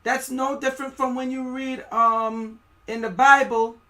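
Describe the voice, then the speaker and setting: A man with a West Indian accent holds forth on a live stream, reading aloud slowly and drifting into preachy asides. His voice is bright and sharp, and he often trips over his words. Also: extremely high pitch, little pitch movement.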